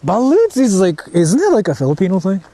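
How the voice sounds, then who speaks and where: A man's voice: high-pitched, huge pitch swings, a little fast, dark tone. A man from Japan livestreaming outdoors in the mountains, rambling casually with slang and swearing. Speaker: streamer.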